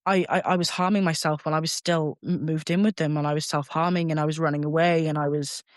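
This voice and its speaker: A young man, a podcast guest telling a personal story in a candid, halting way, swearing casually. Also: a little high, level tone, no echo, clean studio sound.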